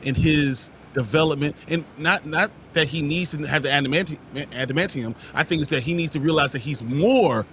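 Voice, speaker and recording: A man on a podcast panel with a slightly higher-pitched voice, giving rambling, thoughtful takes. He restarts his sentences often, with a faint noise behind him. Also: fairly quick, hardly any pauses, a bit bright. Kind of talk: casual chat.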